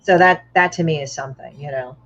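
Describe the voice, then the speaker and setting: A woman's voice: low-pitched, fast talker, fairly bright tone. A woman, a guest comic artist, chatting casually and bluntly, swearing freely and acting out other people's lines. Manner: blunt, profane storyteller who acts out other people's lines. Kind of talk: casual podcast chat. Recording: dull, muffled lo-fi audio.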